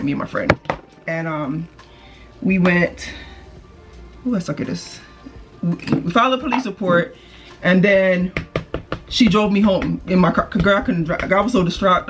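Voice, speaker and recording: A vlogger with a medium-pitched voice does her makeup while casually telling a personal story on her channel. She swears freely and acts out the people she quotes.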